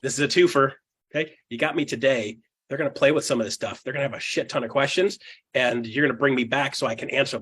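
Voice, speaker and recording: A man leading a live seminar for real estate agents, energetic and blunt, swearing casually, laughing often and checking in with "right?". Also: medium pitch, quick pace, breathy edge. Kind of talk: live seminar talk to an audience.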